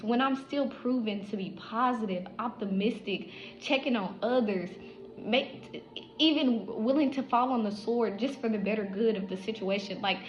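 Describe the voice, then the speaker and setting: A woman, an insurance agent telling a story in a casual late-night vlog, animated and chatty. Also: on the high side. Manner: animated, chatty, acts out quotes in her own voice. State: just woke up at night. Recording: echoey room, dull lo-fi sound, faint music.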